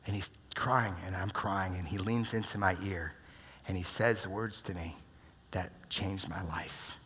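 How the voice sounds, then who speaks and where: An American man giving a motivational keynote speech at a conference, telling stories and dropping to a hushed near-whisper at emotional moments. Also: low-pitched, fairly even intonation, normal speed, a little hiss or hum. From United States. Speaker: keynote speaker. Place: large conference room. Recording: reverberant conference hall.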